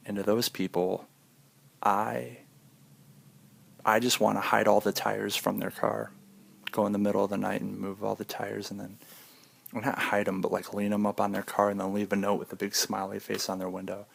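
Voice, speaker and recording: A man's voice: lowish voice, little pitch movement, normal speed, creaky, dry recording. A man vlogging in a casual, rambling monologue, joking and drifting off on tangents. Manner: rambling, goes off on tangents, jokey.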